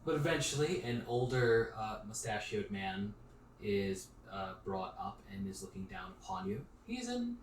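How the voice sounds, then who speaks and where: A man's voice: fairly low pitch, sing-song, a little slow. A man narrating as game master of a tabletop game, talking loosely with many fillers. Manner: rambling, filler-heavy narration. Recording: roomy echo, distant mic, faint noise.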